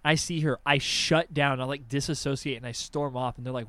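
A young man in casual chat, telling animated stories with lots of swearing and acted-out voices. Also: mid-range voice, fast, clear, resonant tone, no echo.

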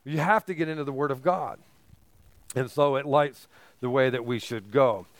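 A man preaching a sermon as pastor, emphatic, building to forceful peaks on key phrases. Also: medium pitch, normal speed, dry recording.

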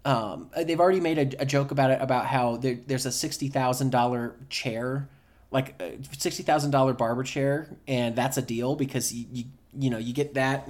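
A man's voice: mid-range voice, a little mellow. A man co-hosting a podcast in casual chat, blunt and swearing freely as he builds into rants. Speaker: podcast co-host.

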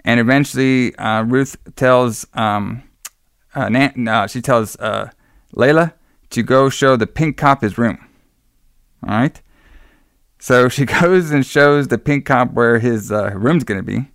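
A man's voice: mid-range voice, unhurried, creaky, a bit bright, no room sound, clean studio sound. A man co-hosting a podcast, rambling casually as he retells a film's plot with loose, profane asides. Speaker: podcast co-host recapping a film. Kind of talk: casual chat.

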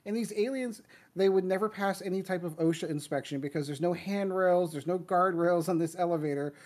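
Guy on a movie podcast, lively, jumps into little voices when retelling scenes. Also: sits high. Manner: animated, acts out scenes in quick quoted voices, laughs often. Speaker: podcast co-host. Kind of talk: casual movie review chat.

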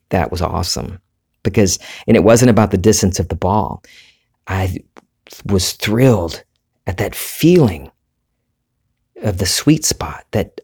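Southern US male host, low-pitched, reflective storyteller, monologue delivery. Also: a little mellow. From Deep South, USA. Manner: thoughtful, storytelling, self-reflective.

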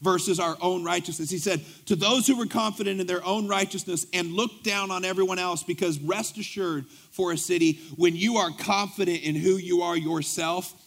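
A male pastor with a fairly high voice delivers a sermon. He tells a story animatedly, acting out the dialogue. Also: steady tone, moderate pace, few pauses, a bit bright.

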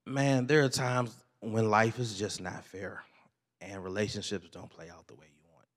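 A man preaching a sermon, moving between loud, rising exhortation and quiet, confessional storytelling, with casual slang and self-deprecating asides. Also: on the low side, steady tone, normal speed. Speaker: pastor.

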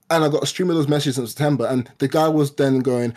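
Male podcast co-host, twenties, mid pitch, casual and halting, lots of stammered restarts. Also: darkish tone. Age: 20s. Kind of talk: casual personal chat.

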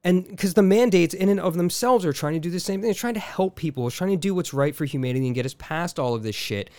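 A man's voice: high voice, lively intonation, quick pace, warm tone, no room sound. A man co-hosting a casual podcast, exasperated and rambling, restarting sentences and swearing often. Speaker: podcast co-host.

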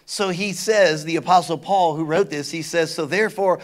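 A pastor preaching a sermon, telling stories and calling on the congregation to answer back. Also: male voice, fairly high pitch, moderate pace. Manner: animated preaching with call-and-response to the congregation; conversational storytelling.

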